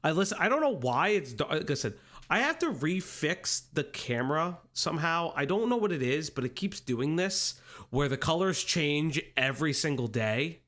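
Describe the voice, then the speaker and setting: A man's voice: a little high, very animated, moderate pace, fairly bright tone. A man hosting a casual livestream from home on a desk microphone, greeting chat in a playful sing-song way and rambling in asides. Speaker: livestream commentary host. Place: home streaming room.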